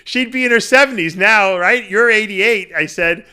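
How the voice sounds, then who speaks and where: Bright high-voiced podcast host. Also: male voice, clean tone. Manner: chatty, easy laughs, quick to react. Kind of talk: casual chat.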